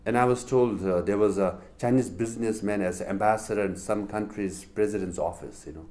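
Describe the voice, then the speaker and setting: A middle-aged man with a Tibetan accent gives a public talk to a university audience, telling animated stories punctuated by rhetorical questions. His voice is lowish and his pace fairly quick.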